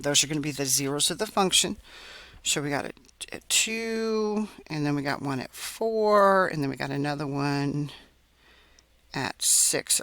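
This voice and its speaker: A man's voice: on the high side, vocal fry, bright, forceful tone. A man teaching a recorded math lesson, explaining step by step as he works on a graph and checking in often with "right?" and "okay?".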